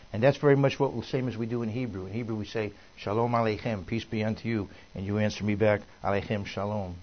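A man delivers a rambling, folksy sermon, full of fillers and false starts. His voice sits on the low side. The recording sounds dull and lo-fi. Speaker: minister.

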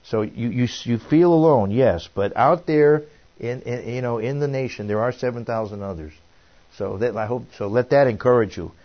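A man preaching a Bible study, reading scripture aloud and then explaining it in a relaxed, conversational way with frequent restarts. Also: medium pitch, normal speed, dull audio.

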